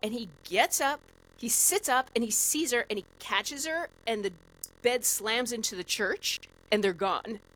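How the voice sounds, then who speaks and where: A woman guest on a podcast, telling a story in a lively, animated way with lots of "like" fillers. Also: a little high, a little slow, rough recording. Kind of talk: casual storytelling.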